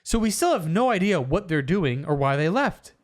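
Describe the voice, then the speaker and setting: A man co-hosting a comedy podcast, chatting casually and reading posts aloud in an animated, jokey way. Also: high-pitched, normal speed. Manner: animated, jokey, slips into silly voices. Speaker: podcast co-host.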